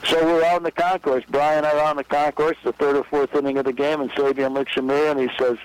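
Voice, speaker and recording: A man's voice: on the high side, fast talker, few pauses, smooth, rough recording. A baseball executive telling an anecdote in an interview, acting out the voices of the people he quotes. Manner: lively storyteller, acts out quoted voices.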